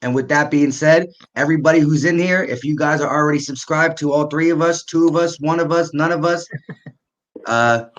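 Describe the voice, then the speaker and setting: A man co-hosting a casual fan sports stream, talking in a relaxed way and reading out viewer comments. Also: a little high, moderate pace. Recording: dull lo-fi stream audio.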